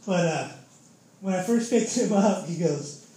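A young man's voice sits high and mellow, animated yet unhurried, as he gives a casual testimony in a preaching style. He speaks fervently and informally, constantly throwing in "man" and "dude," amid strong echo and faint noise.

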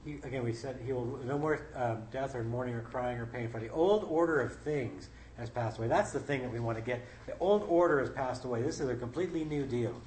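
Middle-aged male preacher, folksy and conversational, mid-pitched, roomy echo, faint room hum. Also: fairly quick, few pauses, a little mellow. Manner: conversational, folksy, reads scripture aloud. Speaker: Bible study leader. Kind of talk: informal sermon.

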